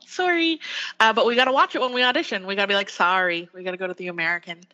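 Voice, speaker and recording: A West Coast Canadian woman, an actor guesting on a casual podcast interview, chats upbeat and full of fillers. Her mid-range voice is very fast, pushed and bright, with the highs cut off.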